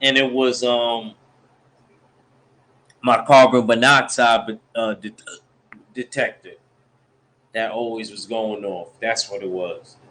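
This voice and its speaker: A man's voice: mid-range voice, steady tone, slow pace, pauses often, a bit bright, rough recording. A man hosting a casual live stream, talking loose slangy banter to his chat while he has the hiccups.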